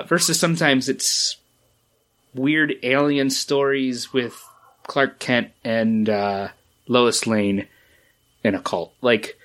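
A man's voice: mid-range voice, a bit bright. A man with a lingering cough, co-hosting a casual podcast chat about comic books and rambling with fillers. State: coughing, getting over a cold. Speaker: podcast co-host.

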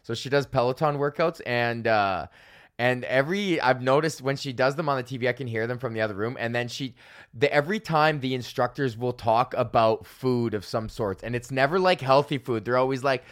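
A man hosting his own podcast alone, ranting in a profane, excitable way, jumping between loud outbursts and low mutters. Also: normal speed. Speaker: podcast host. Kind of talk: solo comedic rant.

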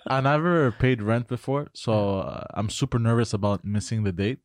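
A man's voice: medium pitch, normal speed, no room sound, clean studio sound. A young adult man in casual podcast chat, earnest and a bit self-conscious. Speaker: podcast sidekick.

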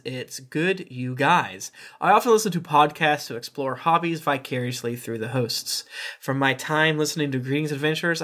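A podcast host, a man with a slightly high voice, reads listener reviews in a loose, casual way. He keeps breaking into chuckles and tossing in playful asides between lines. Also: fairly bright tone.

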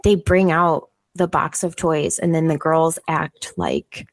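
Woman, podcast co-host, casual storyteller, lowish voice, dry close mic. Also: slow pace, no echo. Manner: animated, sweary storyteller.

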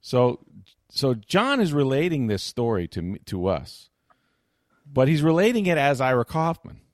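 A man hosting a sports talk show, telling a lively anecdote and slipping into impressions of other people. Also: medium pitch, moderate pace, no echo, clean studio sound. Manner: animated anecdote teller, mimics others' voices. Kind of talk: casual storytelling chat.

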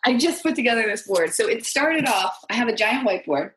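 A woman's voice: on the high side, lively intonation, brisk, a bit bright, reverberant, slight background noise, rough recording. A woman guest in a casual podcast interview, talking chattily about her business numbers with lots of fillers. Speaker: real estate investor guest.

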